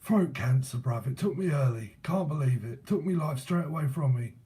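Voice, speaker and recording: A man voicing the spirit of an old cockney man, a former smoker, speaking in a rough, matey, grumbling way. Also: medium pitch, animated, moderate pace, mellow, close to an everyday voice. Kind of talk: psychic channeling.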